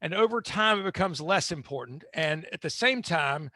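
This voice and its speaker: A man hosting a podcast who thinks out loud in a casual way and swears lightly. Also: on the high side, lively intonation, moderate pace, dry recording, studio quality. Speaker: podcast host.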